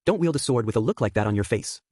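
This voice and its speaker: A man voicing a reserved, resolute young woman swordmaster in an audiobook, read quickly and evenly. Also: mid-range voice, animated, a little mellow, dry recording, studio quality, natural voice. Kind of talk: audiobook reading.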